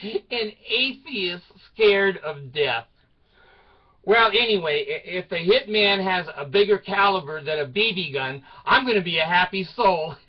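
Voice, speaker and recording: An older man telling a rambling personal story to his channel, laughing at his own jokes and swinging between loud outbursts and mutters. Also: high-pitched, animated, a little slow, highs cut off. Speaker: video channel host.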